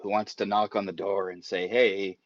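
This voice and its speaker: A man with a very low voice cracks wry jokes as a player in a tabletop game. His audio is dull and lo-fi, with a dry sound. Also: flat delivery, fairly quick, dry recording. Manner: wry, joking. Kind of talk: casual tabletop play.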